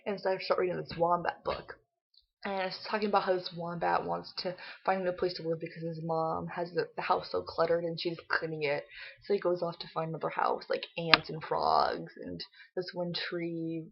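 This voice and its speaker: A young woman telling a story to her vlog camera, her voice husky with a gravelly edge. She rambles in a casual way, peppering every sentence with "like" and playing out the bits of dialogue. The recording is dull and lo-fi. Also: lowish voice, little pitch movement, normal speed. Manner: chatty retelling, full of "like", acting out quotes. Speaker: vlogger.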